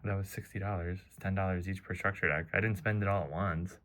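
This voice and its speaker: A man's voice: deep voice, fairly even intonation, quick pace, a bit bright. A man casually explaining his card collection to his wife, chatty and playful, full of comparisons. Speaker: teacher of a card game.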